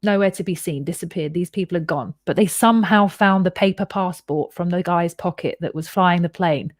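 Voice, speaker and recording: A woman's voice: fairly low pitch, fairly quick, dry recording. Woman, guest in casual conversation, rambling candid storytelling, swears freely, dry close-miked sound. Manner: rambling, candid, swears freely, acts out her own reactions.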